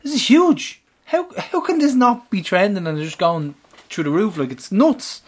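Guy co-hosting a football pod, bit high voice, excitable, swears a lot. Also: a little slow. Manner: excitable, swearing, laughs often. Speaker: podcast co-host. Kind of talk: casual football chat.

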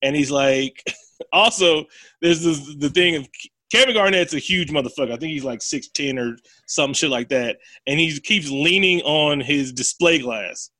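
A man's voice: fairly high pitch, normal speed, sharp tone, dry recording. A man in casual chat, animatedly retelling a film plot with profanity and acted-out quotes. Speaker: podcast co-host.

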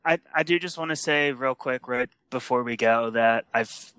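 A man's voice: mid-range voice, moderate pace, sharp tone, smooth, no echo. A young man co-hosting a podcast, giving blunt, opinionated takes in a casual way and laughing often. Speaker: podcast co-host.

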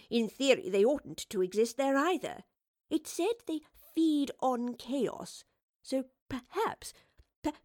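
A troubled female scholar thinks aloud in an earnest, measured voice, as a woman reads her part. She sounds reflective and weighed down. The audiobook recording is dry and close. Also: fairly high pitch, darkish tone, no echo, voice pushed up, heavily acted. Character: thoughtful, troubled female time-traveling scholar.

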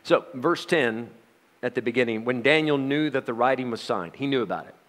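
A man's voice: mid-range voice, brisk, a bit bright, long reverb tail. A middle-aged man giving a Bible study sermon, talking in a conversational way with rhetorical questions and wry sarcastic asides. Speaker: Bible teacher.

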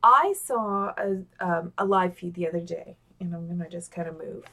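A woman giving casual, animated communication tips over a webcam. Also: lowish voice, moderate pace, background noise. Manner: animated, talks with gestures, excitable. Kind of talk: casual instructional talk on camera. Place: home office with a squeaky chair. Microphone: webcam on a video call.

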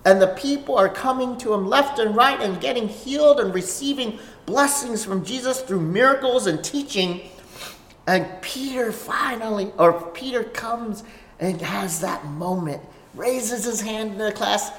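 A pastor preaching a sermon, swinging between emphatic declarations and hushed asides, often asking "right?". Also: medium pitch, measured pace. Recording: echoey reverberant hall.

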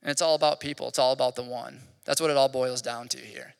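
A man's voice: medium pitch, steady tone, fast talker, vocal fry, clear, resonant tone. A man in his thirties giving a casual, conversational sermon as a pastor, rambling with lots of "like". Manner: casual, rambling, heavy use of "like". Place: church hall. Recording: long hall reverb.

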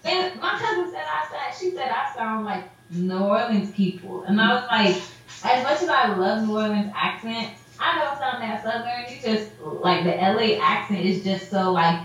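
A woman telling stories in casual chat, animated and acting out what people said, with lots of "like". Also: on the high side, normal speed. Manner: animated storyteller, acts out quotes, heavy "like" filler. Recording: roomy echo, dull lo-fi sound.

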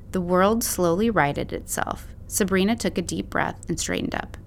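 A woman narrating a story as an audiobook in a steady, measured way. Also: on the low side, vocal fry.

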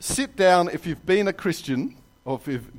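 A man preaching a sermon in a church, telling jokes and stories with lively asides. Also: high-pitched, moderate pace. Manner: animated storytelling with jokes and asides. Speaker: pastor.

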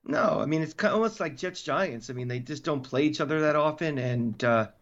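A man with a fairly high voice rants emphatically in casual sports chat, pushing each point hard. The audio is dull and lo-fi, like a modest home podcast setup. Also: a little fast. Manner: animated, emphatic, ranting. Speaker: podcast co-host.

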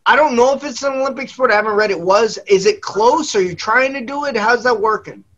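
A man's voice: extremely high pitch, a little fast, a bit bright, lo-fi sound. A man hosting a casual interview, joking around and asking playful questions. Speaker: podcast host.

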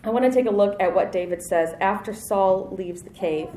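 A woman's voice: medium pitch, moderate pace, mellow, reverberant. A woman in her thirties preaching a sermon in a conversational, self-deprecating way, with light laughs.

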